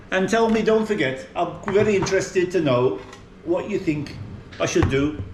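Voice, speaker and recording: Older English man, light West Midlands accent, rambling casual food vlog, slightly high voice, echoey room with faint background hum. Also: darkish tone. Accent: English, West Midlands with a Maltese tinge. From England, West Midlands. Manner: chatty, rambling, chuckling. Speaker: food vlogger.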